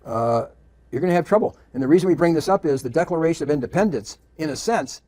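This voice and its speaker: Emphatic preacher man, slightly high voice. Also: lively intonation, fast, mellow. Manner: emphatic, rhetorical questions, repeats phrases. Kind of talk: preaching lecture with read-aloud quotations.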